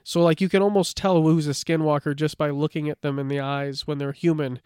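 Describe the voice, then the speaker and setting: A man's voice: on the high side, a little fast, smooth, dry recording, clean studio sound. A man co-hosting a podcast, telling lore in a casual, chatty way and reading bits from his notes, with lots of filler words. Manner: relaxed storytelling, reads from notes, many "like" fillers. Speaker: podcast co-host. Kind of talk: casual chat.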